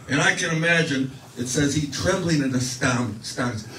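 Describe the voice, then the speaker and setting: A man's voice: a little high, lively intonation, normal speed, hardly any pauses, a bit bright, roomy sound, recorded from a distance, slight background noise, rough recording. A man preaching a sermon, telling a story in a conversational way with restarts and fillers, acting out quoted voices. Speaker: pastor.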